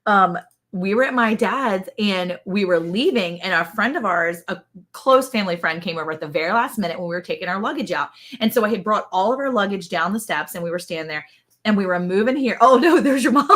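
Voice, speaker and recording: A woman's voice: mid-range voice, lively intonation, brisk, a bit bright. Chatty woman co-host, laughing storyteller. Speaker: livestream co-host. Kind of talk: casual chat.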